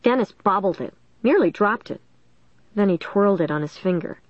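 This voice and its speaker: A woman's voice: mid-range voice, animated, normal speed, no echo. A woman narrating a storybook in a tense, dramatic reading. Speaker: audiobook reader. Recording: dull dry recording.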